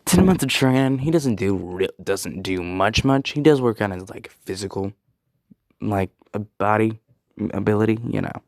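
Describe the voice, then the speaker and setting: Gravelly low-voiced rambling man. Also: lively intonation, normal speed, dry recording, clean studio sound. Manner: rambling, swearing, many fillers. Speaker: fan storyteller. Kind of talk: casual spoken fan story.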